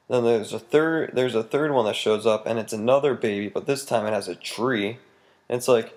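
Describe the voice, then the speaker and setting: A young man casually retelling a play as a comic school project, full of slang and deadpan asides. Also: mid-range voice. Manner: slangy, lots of "like", slow deadpan delivery. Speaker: student presenter.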